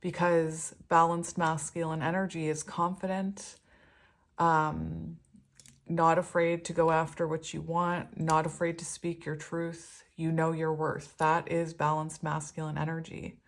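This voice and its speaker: A woman's voice: sits low, flat delivery, measured pace. A woman doing a casual spiritual tarot reading, chatty and rambling, laughing often as she talks. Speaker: tarot reader.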